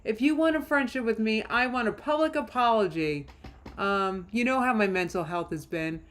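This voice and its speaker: A woman's voice: on the high side, moderate pace. Snarky woman streamer reacting live. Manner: chatty and snarky, laughs often, mocking asides. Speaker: drama commentary streamer. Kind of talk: live reaction stream, reading texts aloud.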